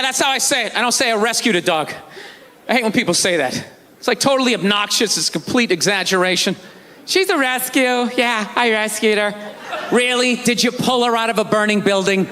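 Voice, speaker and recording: A man doing a stand-up routine, ranting with mock outrage and bursts of shouting. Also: sits high, fairly quick, a little hiss or hum. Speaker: stand-up comedian. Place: theater stage before a live audience. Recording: live hall with crowd laughter.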